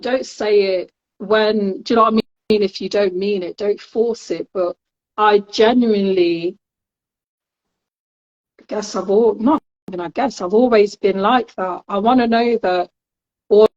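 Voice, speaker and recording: A podcast co-host from Nottingham, England, speaking with a Nottingham accent, shares stories in casual conversation and laughs often. Her mid-range voice moves at a moderate pace, and the recording sounds muffled.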